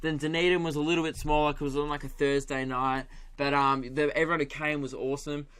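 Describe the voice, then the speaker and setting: A man's voice: a little high, flat delivery, fast, a bit bright, clear, resonant tone. A young man hosting his own comedy podcast, ranting through a story with swearing, laughs and put-on voices. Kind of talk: solo comedy podcast rant.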